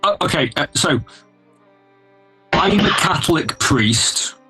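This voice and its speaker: A man playing in a tabletop game, speaking in halting, stammering bursts. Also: a little high, expressive, sharp tone, slightly rough, soft background music, poor audio. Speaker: player. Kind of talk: tabletop role-play.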